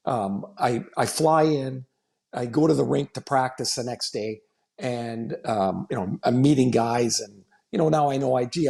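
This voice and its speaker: Gravelly-voiced man telling hockey stories. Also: medium pitch, darkish tone. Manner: rambling anecdotes with restarts, laughing. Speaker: podcast co-host, former NHL player. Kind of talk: casual storytelling.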